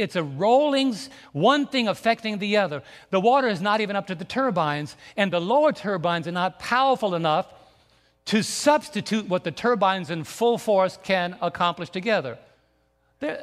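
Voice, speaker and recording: A man's voice: sits high, fairly bright tone, long reverb tail. A man preaching a sermon to his congregation, emphatic and repetitive, often restarting his phrases. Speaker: pastor. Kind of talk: sermon with slides. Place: church sanctuary.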